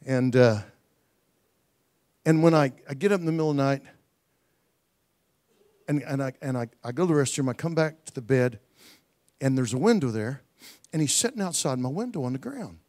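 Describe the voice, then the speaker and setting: A man preaching a sermon, telling a story in a folksy way, stumbling over repeated words and building to loud shouts. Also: medium pitch, animated, moderate pace, pauses often.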